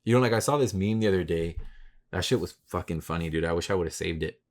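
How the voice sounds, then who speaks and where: This podcast host, a man in his thirties, delivers a casual solo monologue fast in a low, deep voice. He rambles loosely, swears freely and leans on slang, getting loud and worked up during rants.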